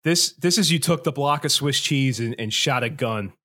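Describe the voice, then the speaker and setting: A man's voice: medium pitch, moderate pace, pushed and bright. A man co-hosting a casual chat, rambling with lots of restarts and laughter, swearing freely. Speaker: podcast co-host.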